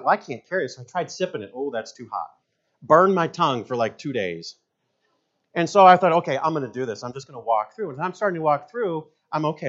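A man's voice: mid-range voice, muffled recording. A man in his fifties, a pastor, preaching a sermon with folksy stories, jokes and asides. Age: 50s.

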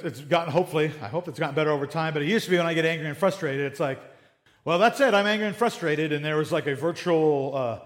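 A middle-aged man preaching a sermon in a conversational way, acting out little everyday dialogues. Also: fairly high pitch. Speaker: pastor.

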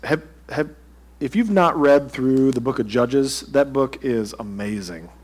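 A man's voice: mid-range voice, a little slow. A pastor preaching a sermon to his congregation in a conversational way, asking them direct questions.

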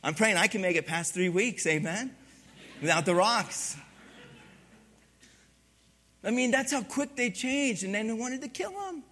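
A pastor preaching a sermon, animated and humorous, swinging from hushed to loud. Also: male voice, high-pitched, measured pace, long pauses.

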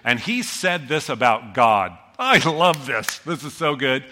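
A middle-aged man preaching a sermon, telling stories in a lively, joking way. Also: a little high, normal speed, hardly any pauses. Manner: storytelling, animated, self-deprecating humor. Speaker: pastor. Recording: long hall reverb.

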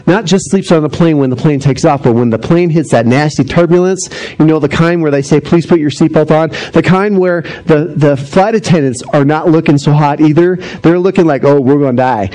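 A middle-aged man preaching a sermon, animated as he tells stories and acts out voices, dropping low and slow for solemn points. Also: low-quality recording. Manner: animated storytelling, acting out voices. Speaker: pastor.

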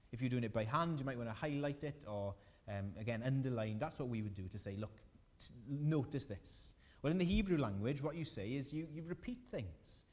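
A man preaches with lively, emphatic delivery. He keeps asking his congregation questions as he goes, with his voice at an ordinary middle pitch for a man. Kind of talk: sermon.

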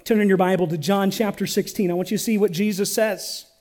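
High-voiced preaching pastor. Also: male voice, fairly even intonation, a little fast. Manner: preaching with call-and-response, swinging from loud to hushed. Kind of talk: sermon.

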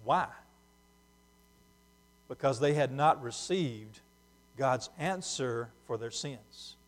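A man preaching a sermon, moving between hushed, slow passages and loud, emphatic ones. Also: mid-range voice, lively intonation.

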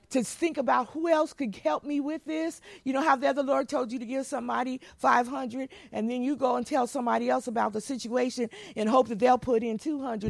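A woman's voice: high voice, creaky, no echo. Woman pastor preaching, folksy and punchy, dry close sound. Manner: preachy call-and-response, folksy, emphatic. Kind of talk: sermon.

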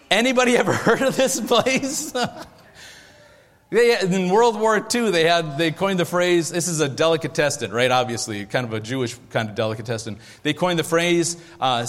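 A man preaching a sermon as pastor, in a lively, conversational way with jokes and asides. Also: fairly high pitch. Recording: echoey hall with long reverb.

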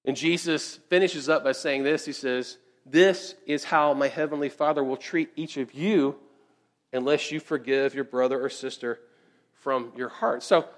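A pastor preaching a conversational sermon in church, often checking in with the congregation with quick asides. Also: male voice, fairly high pitch, a bit bright. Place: church sanctuary.

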